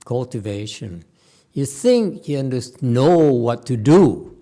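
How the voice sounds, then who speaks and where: In a temple hall, a man with a mellow, mid-range voice teaches a Buddhist sutra to a live group. It's a conversational Dharma lecture from a Buddhist master who keeps checking in with "okay?" and "hmm?", restarts his sentences haltingly, and slips in dry, playful jokes.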